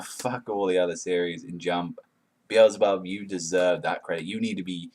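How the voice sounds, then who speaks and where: A man reviewing a manga chapter in an excited, casual way, swearing often and filling his talk with "like". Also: deep voice. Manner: profane, hyped, heavy use of "like".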